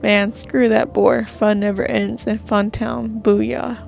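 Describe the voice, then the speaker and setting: A woman's voice: mid-range voice, flat delivery, slow, creaky, a little mellow, soft background music. A woman reading a laid-back young male stoner's game dialogue aloud, with slangy, drawling surfer talk.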